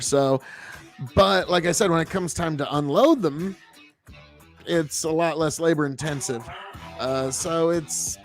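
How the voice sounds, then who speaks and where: A man with a notably high voice talks through a casual livestream, rambling loosely from one thought to the next. He swears freely and gets excited easily. Soft music plays faintly behind him. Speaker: livestream host and seed farmer.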